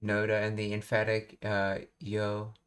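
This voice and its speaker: A man's voice: lowish voice, completely flat delivery, unhurried, smooth. A man working through a casual language lesson, thinking aloud with fillers and reading out explanations. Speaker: language teacher.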